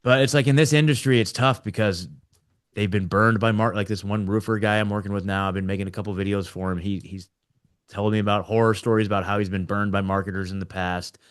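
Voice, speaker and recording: A man's voice: fairly low pitch, steady tone, fast, smooth. A young adult man hosting a casual roundtable chat, rambling with frequent restarts, often saying like and dude. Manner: rambling, laughing, restarts a lot. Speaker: podcast host.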